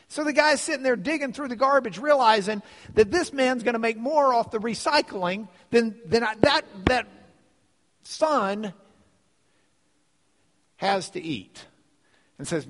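Animated male preacher in an echoing hall. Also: very high voice, measured pace, pauses often. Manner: animated storyteller, repeats phrases. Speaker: pastor. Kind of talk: sermon storytelling. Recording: reverberant hall.

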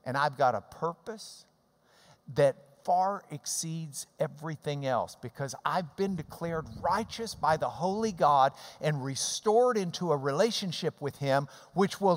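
A man preaching an expository sermon, emphatic, with quiet asides and sudden loud stresses, often repeating words as he explains. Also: high-pitched, big pitch swings, a little slow. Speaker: pastor. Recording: preached in a hall with long reverb.

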